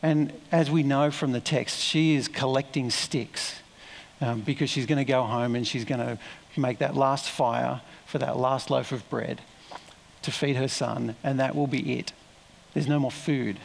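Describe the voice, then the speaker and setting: A man's voice: medium pitch, fairly even intonation, measured pace, gravelly, long reverb tail. A man preaching a sermon in a conversational, reflective way, with asides and self-corrections.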